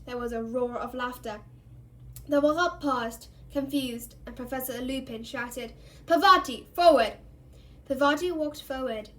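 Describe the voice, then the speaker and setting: A woman's voice: on the high side, poor audio. A woman reading a novel aloud for a book club, narrating steadily and expressively.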